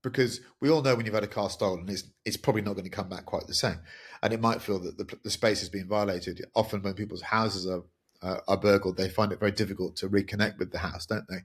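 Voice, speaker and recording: A man's voice: on the low side, steady tone, fast talker, slightly rough. A middle-aged man hosting a podcast, telling a personal story in a candid, rambling, wry way. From England. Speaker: podcast host. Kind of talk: casual podcast monologue.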